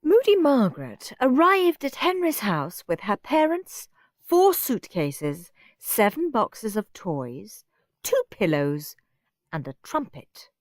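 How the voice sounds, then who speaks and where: A woman narrating a children's storybook in an expressive reading voice. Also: medium pitch, slow pace, dry recording, clean studio sound. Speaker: audiobook reader.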